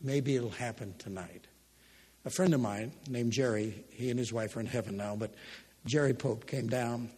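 Husky older man preaching in a reverberant hall. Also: mid-range voice, moderate pace, darkish tone. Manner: folksy storytelling, humorous asides. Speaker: pastor. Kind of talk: sermon with scripture reading.

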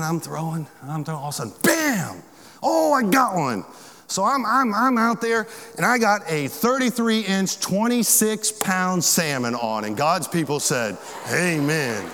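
A man's voice: high-pitched, bright, forceful tone. A man preaching a sermon as a pastor, impassioned and repetitive, in a large hall. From Florida. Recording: long hall reverb.

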